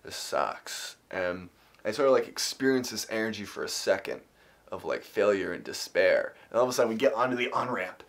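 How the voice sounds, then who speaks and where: A man telling a personal story to camera in a casual vlog. He rambles with many fillers and restarts and grows animated at the tense parts. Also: on the low side, a little fast. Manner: animated when retelling tense moments. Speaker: vlogger.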